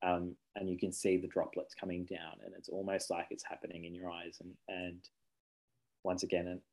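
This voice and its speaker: A man's voice: deep voice, monotone, moderate pace, vocal fry, darkish tone, rough recording. A man, a children's book author chatting casually in an interview, rambling and self-correcting, laughing easily.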